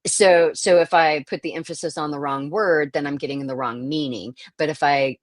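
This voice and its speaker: A woman's voice: low-pitched, steady tone, normal speed, dry recording. A woman voiceover performer and actor talking through her craft in an interview, thoughtful and full of fillers and restarts. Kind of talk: interview conversation.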